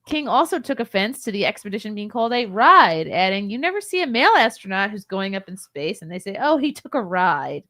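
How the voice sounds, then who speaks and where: Young woman host, wry, reads headlines out loud and laughs at them. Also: mid-range voice, big pitch swings, brisk, few pauses. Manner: wry, laughs while reading. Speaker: podcast host. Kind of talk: casual chat, reading news aloud.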